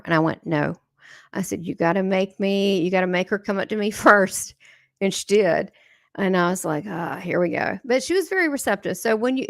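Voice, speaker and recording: A middle-aged woman hosts a livestream, chatting with viewers in a loose, rambling way and acting out the voices in her stories. Her pitch sits mid-range, and the sound is dry and close, with no room echo. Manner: chatty and rambling, acts out quoted dialogue. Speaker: channeler and livestream host. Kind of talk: casual livestream talk to viewers.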